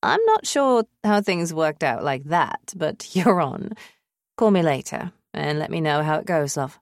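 A woman's voice: low voice, very animated, a little slow, dry recording, studio quality, full character voice. A woman reading an audiobook, voicing a breezy, teasing female friend with a British accent. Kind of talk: audiobook character voice.

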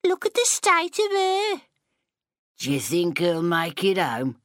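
Brief: rowdy jeering drinkers in a storybook, coarse and mocking, pitched up, put on by a woman narrator. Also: wildly swooping pitch, slow, dry recording, studio quality, exaggerated voice. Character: jeering drunk pub crowd members.

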